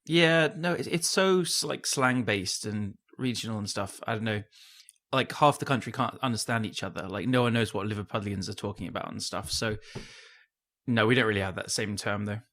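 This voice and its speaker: A man from London with a London accent, co-hosting a casual podcast chat, chatty and quick to tease and laugh. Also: lowish voice, fairly bright tone. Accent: London English. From London, England. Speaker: podcast co-host.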